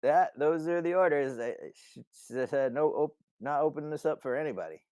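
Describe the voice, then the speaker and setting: A man's voice: on the high side, brisk, darkish tone, dry recording, pitched above the performer's own voice, lightly acted. A man voicing a stubborn male guard who brushes people off. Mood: dismissive.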